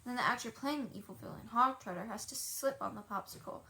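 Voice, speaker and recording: A woman reading a children's audiobook aloud in a chatty, lively first-person voice. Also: fairly high pitch, quick pace, a little hiss or hum. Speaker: audiobook reader.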